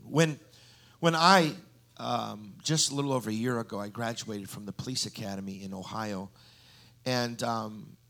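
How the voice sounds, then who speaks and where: Male preacher, low gravelly tone, rambling storyteller style sermon. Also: fairly bright tone. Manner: storytelling with frequent ums and restarts. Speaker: guest preacher.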